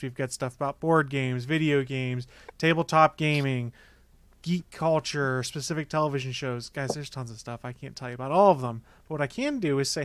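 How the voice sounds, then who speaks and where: Man, podcast host, upbeat, announcer-like, slightly high voice, dry sound. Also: fairly quick, a bit bright, no room sound. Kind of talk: podcast hosting and plugs.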